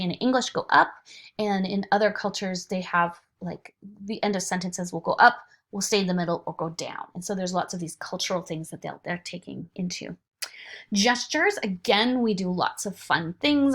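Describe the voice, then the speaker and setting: A woman instructor talks through a recorded lecture in a chatty, unscripted way. Her voice sits at a middle pitch, and she slips easily into playful sing-song examples. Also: a bit bright.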